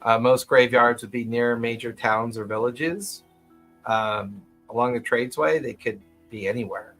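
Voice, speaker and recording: A man narrating as game master in a tabletop game, describing scenes at an unhurried pace and chuckling often. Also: mid-range voice, fairly even intonation, a bit bright, faint music behind, rough recording.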